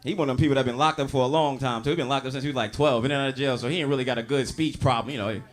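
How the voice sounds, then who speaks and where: A man doing a stand-up comedy set, telling loud, animated, profane stories and working the crowd. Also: mid-range voice, rapid-fire. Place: comedy stage before a live audience. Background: audience laughter.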